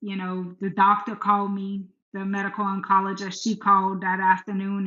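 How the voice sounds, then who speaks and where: A woman's voice: mid-range voice, completely flat delivery, moderate pace, hardly any pauses, pushed and bright. A middle-aged woman, a podcast guest, telling a personal story earnestly and frankly about her faith. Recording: echoey room, dull sound.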